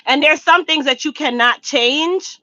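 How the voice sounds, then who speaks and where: Bright-voiced chatty woman vlogger. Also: high voice, unhurried, no echo, dull audio. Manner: chatty, addresses viewers directly, emphatic repeats. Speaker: storytime vlogger. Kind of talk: casual storytelling to camera.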